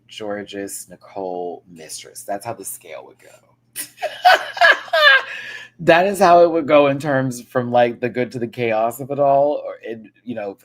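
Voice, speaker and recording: A man ranting casually as a reality show reviewer, animated, sassy and gossipy. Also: mid-range voice.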